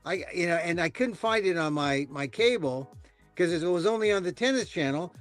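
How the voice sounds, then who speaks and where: A man hosting a casual talk show, rambling and animated, with many restarts. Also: sits high, moderate pace, faint music behind. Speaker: podcast host. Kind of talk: casual chat.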